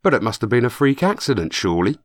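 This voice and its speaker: A man's voice: medium pitch, sing-song, quick pace, dry recording, studio quality, pitched above the performer's own voice, natural voice. A man voicing a skeptical young male apprentice in an audiobook, dismissive in tone. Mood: doubtful.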